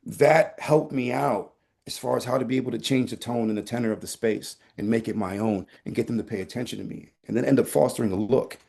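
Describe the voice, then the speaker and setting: A man who works as a teaching artist, talking as a guest in a casual conversation and telling stories in a playful, candid, animated way. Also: mid-range voice, fast talker, vocal fry.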